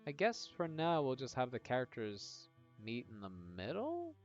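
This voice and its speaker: Chatty streamer narrating a game. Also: male voice, mid-range voice, huge pitch swings, normal speed. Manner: hesitant, lots of ums, chatty with viewers. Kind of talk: casual live-stream narration. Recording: dull lo-fi audio with faint game music.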